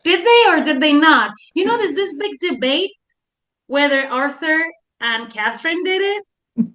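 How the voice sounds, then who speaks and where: A chatty woman with a fairly high voice talks casually on a history podcast. She tells stories and often slips into voices for historical figures. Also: expressive, unhurried, a bit bright. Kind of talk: casual chat.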